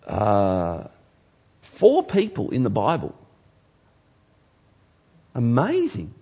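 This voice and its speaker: A man preaching a sermon as pastor, swinging from loud emphasis to hushed, earnest asides. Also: medium pitch, husky.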